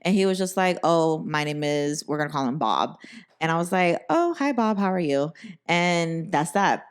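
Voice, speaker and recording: Low-voiced young woman telling a story. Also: normal speed, smooth. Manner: animated, profane, acts out quoted voices. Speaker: podcast host. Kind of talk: casual storytelling chat.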